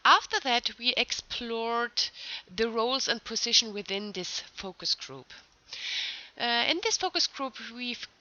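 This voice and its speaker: A young woman giving a conference talk as a researcher, explaining her findings carefully and methodically with phrasing and pauses. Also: on the high side, lively intonation, sharp tone, no room sound. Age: young adult. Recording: dull lo-fi recording.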